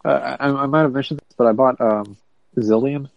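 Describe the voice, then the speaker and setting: A man co-hosting a podcast in casual chat, laid-back and quick to laugh. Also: mid-range voice, fairly even intonation, creaky, no echo, highs cut off. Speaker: podcast co-host.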